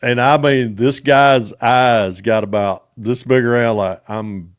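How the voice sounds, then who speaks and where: A man hosting a casual podcast chat, animated and quick to laugh. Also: mid-range voice, clean tone, no echo, studio quality. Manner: animated, laughs easily, folksy. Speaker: podcast host.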